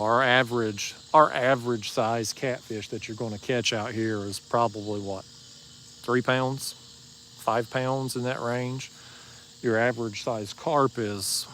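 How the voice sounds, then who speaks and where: A man's voice: mid-range voice, fairly bright tone, a little hiss or hum. Laid-back East Tennessee man drawling outdoors. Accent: East Tennessee Southern. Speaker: fishing livestream host. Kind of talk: casual livestream chat answering viewers. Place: outdoors at a marina bank at night.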